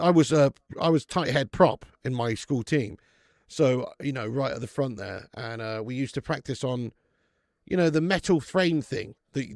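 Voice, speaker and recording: A man hosting a fan watch-along live stream, chatty and rambling, swearing freely as he reads out viewer comments. His voice has a gravelly, fry-heavy grain. He is heard close on a dry-sounding mic. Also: medium pitch, no room sound.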